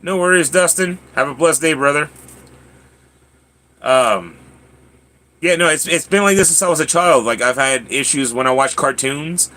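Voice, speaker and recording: A man's voice: a little high, moderate pace, pauses often, pushed and bright. A man hosting a livestream, chatting casually with viewers, often stammering and repeating words. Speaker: livestream host. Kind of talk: casual chat reading viewer comments.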